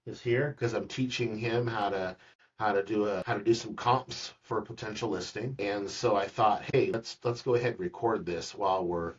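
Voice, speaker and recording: A man with a low, slightly husky voice leads a relaxed, joking real estate lesson for a colleague, often repeating his words as he explains. He sits at some distance from the mic. The recording sounds dull and muffled. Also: normal speed. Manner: chatty, jokey asides, repeats words. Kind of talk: casual screen-recorded tutorial. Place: office room with a colleague.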